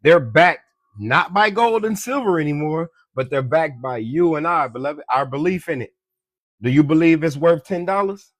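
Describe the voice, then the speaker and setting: A man's voice: a little high, lively intonation, moderate pace, no room sound, clean studio sound. A man giving a casual, profane, preachy monologue about money as a social media commentator, often calling listeners "beloved". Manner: profane, preachy, repeats "you dig me" and "beloved".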